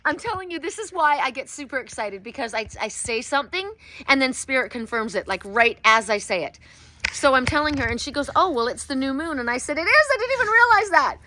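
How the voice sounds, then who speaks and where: A middle-aged woman speaking outdoors, her voice a little high and very bright and forceful. She retells her readings in a casual vlog style and keeps jumping up into thrilled, high-pitched exclamations. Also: fairly quick, slight background noise. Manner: bursts into high excited exclamations while retelling. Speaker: oracle card reader.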